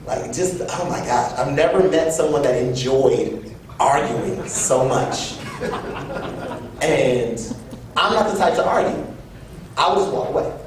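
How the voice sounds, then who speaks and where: A young man giving a personal storytelling speech at an event, animated and acting out quoted voices. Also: unhurried, long pauses. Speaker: event speaker. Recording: echoey room from far off with low rumble.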